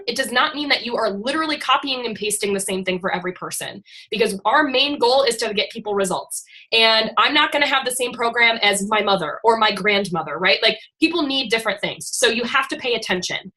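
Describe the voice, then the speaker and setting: A woman's voice: a little high, expressive, fairly quick, few pauses, pushed and bright, low-quality recording. A woman coaching her fitness team on a video call, talking in a blunt, chatty, irreverent way with some casual swearing.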